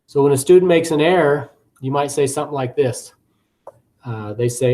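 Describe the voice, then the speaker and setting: A man's voice: mid-range voice, moderate pace, mellow. A man giving recorded course commentary as a teacher educator, talking conversationally with frequent fillers, repeated words and acted classroom examples.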